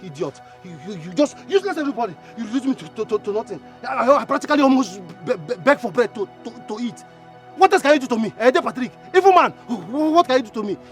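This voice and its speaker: A furious younger brother in a film, shouting high and fast, tripping over his own words. His voice swoops up and down with rage. A soft music bed sits under him. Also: sing-song. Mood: defiant. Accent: Nigerian. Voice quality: stammering, repetitive shouting. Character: furious younger brother, loud, stammering, defiant. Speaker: younger brother in a family feud. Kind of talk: Nollywood film acting.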